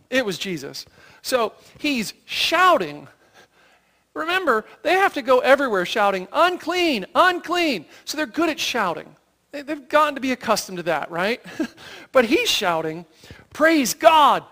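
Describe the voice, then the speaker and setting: Animated preacher with a lively, swooping voice. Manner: animated storytelling with rhetorical questions and frequent "right?"; acts out quoted voices in a raised pitch. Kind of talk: sermon.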